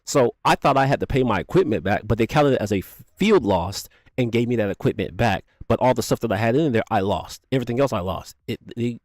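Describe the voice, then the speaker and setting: A young man casually telling a profane, animated story, acting out quotes as he goes. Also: medium pitch, quick pace, few pauses, dry recording, studio quality.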